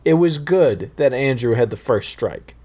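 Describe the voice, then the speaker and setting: Relaxed male reader narrating his own story, easygoing delivery. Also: mid-range voice, unhurried. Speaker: fan fiction author reading his story. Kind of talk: casual story reading.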